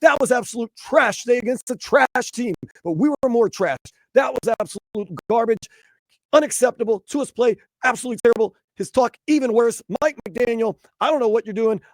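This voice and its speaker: A man's voice: extremely high pitch, a little fast, no echo. A man from New Orleans hosting a call-in sports radio show, swinging between weary and fired up.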